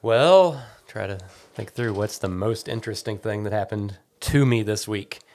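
A man co-hosting a casual podcast chat with dry, deadpan humor. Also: on the low side, normal speed. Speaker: podcast co-host.

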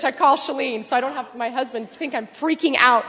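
A woman excitedly telling a testimony story in church, laughing and shouting at times. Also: high-pitched, a little fast, hardly any pauses, over a noisy crowd, very noisy. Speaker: church member sharing a testimony. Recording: long hall reverb.

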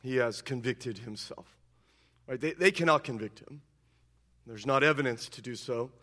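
A man preaching a sermon, moving between loud ringing declarations and low, intense asides. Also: normal speed. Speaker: pastor.

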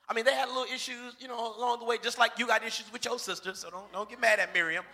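A man preaching a lively sermon, acting out the voices of bible characters and shouting for emphasis. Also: very high-pitched, a little fast, gravelly. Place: church sanctuary. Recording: reverberant church hall.

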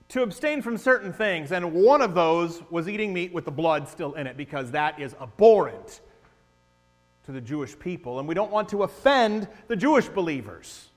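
A man preaching a sermon as a pastor, animated, swinging between loud emphasis and hushed asides. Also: high-pitched. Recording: long echo of a large hall, faint mains hum.

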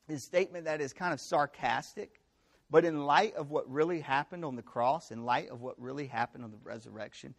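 A young man preaching a conversational sermon to students, with animated storytelling and frequent rhetorical check-ins. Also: on the high side, vocal fry. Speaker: campus pastor.

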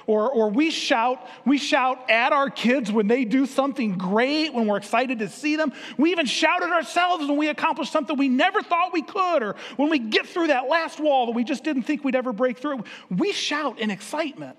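A man's voice: extremely high pitch, fairly bright tone. A male pastor preaching a sermon in a church, playfully drawing the congregation in with questions and jokes. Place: church sanctuary. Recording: reverberant church hall.

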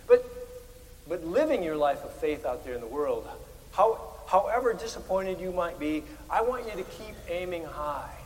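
A man preaching a Presbyterian sermon, animated, with emphatic rises on key words. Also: fairly high pitch, big-room sound, poor audio. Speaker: pastor.

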